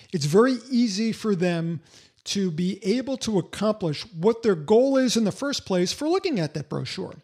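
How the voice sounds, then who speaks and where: Older male sales coach, blunt and emphatic, higher-pitched delivery. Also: darkish tone. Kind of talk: podcast monologue.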